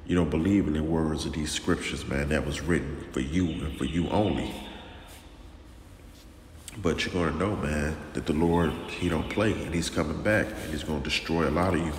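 Very deep-voiced man preaching in echoey room. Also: steady tone. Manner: slow and drawn-out, repeats himself, calls listeners "man", stern. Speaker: religious teacher. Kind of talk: informal preaching to camera. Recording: echoey room with long reverb and faint noise.

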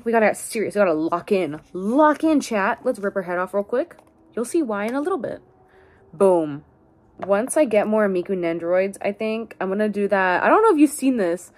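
A woman's voice: medium pitch, darkish tone. Bubbly young woman in cutesy baby talk. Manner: bubbly, cutesy baby talk, swings between squeals and mumbles. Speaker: unboxing vlogger. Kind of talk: casual unboxing chat.

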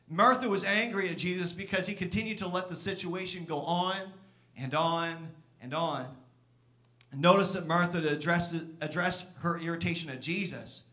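Preaching man with a higher voice. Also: moderate pace, sharp tone. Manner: earnest, acts out Martha's complaints with raised pitch. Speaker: pastor. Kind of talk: sermon. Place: church.

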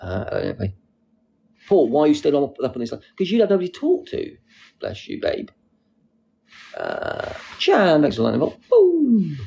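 A young man hosting a casual live stream, reading out comments with a playful, silly manner and sudden squeaky jokes. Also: wildly swooping pitch, moderate pace, creaky, pauses often, mellow, highs cut off. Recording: faint background noise.

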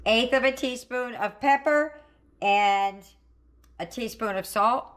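A woman's voice: fairly high pitch, slow pace, fairly bright tone. A middle-aged woman hosting a home cooking video, chatting and thinking aloud as she cooks. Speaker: cooking channel host. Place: home kitchen.

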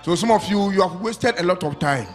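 Male pastor, high voice, animated preaching with exclamations; soft music underneath. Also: brisk. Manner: preaching with mimicry and exclamations, laughing often. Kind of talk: sermon. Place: church hall.

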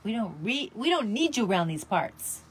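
A woman's voice: on the high side, sing-song, normal speed, slight background noise. A middle-aged woman hosting a motivational talk show, upbeat and encouraging, breaking into snippets of songs. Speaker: show host.

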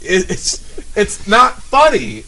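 A young man with a bright, forceful, slightly high voice ranting on a casual talk show. He is exasperated and profane, and slips into mocking imitations of other people. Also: huge pitch swings, slow, low-quality recording. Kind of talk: casual comedic rant.

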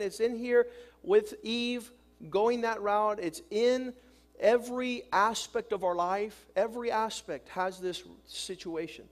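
A man preaching a sermon as pastor, acting out quotes with drama and often repeating his words. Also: high voice.

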